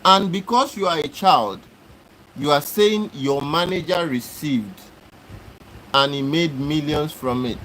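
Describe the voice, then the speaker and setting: A man hosting a live stream, talking back to his chat and repeating himself as he lectures and argues. His voice sits fairly high for a man, with a faint hiss of background noise. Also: a little slow, fairly bright tone, low-quality recording. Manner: argumentative, repetitive, exasperated lecturing. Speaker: livestream host. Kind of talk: live-stream talk answering chat comments.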